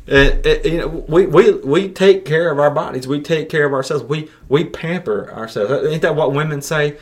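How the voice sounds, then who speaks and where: A man's voice: a little high, moderate pace. Folksy man preaching a podcast sermon. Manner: folksy, repeats words when restarting. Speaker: youth pastor podcast host.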